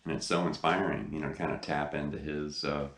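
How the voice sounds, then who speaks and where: Very deep-voiced enthusiastic man. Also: level tone, fairly quick, a bit bright, roomy sound. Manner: enthusiastic, rambling with many fillers. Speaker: guitar teacher, channel host. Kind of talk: casual video lesson talk. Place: indoor room, seated facing camera.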